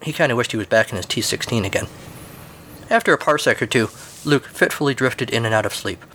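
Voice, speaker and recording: A man's voice: medium pitch, quick pace, pushed and bright, a little hiss or hum. A male podcast host reads a comic story with dry, offhand humor. His delivery is casual and wry.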